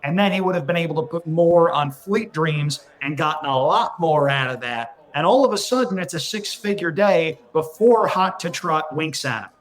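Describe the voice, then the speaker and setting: Male podcast guest, slightly high voice, plain explainer, dry and practical. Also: animated, moderate pace, hardly any pauses. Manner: matter-of-fact, explains with numbers. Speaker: podcast guest, racing handicapper. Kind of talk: casual chat.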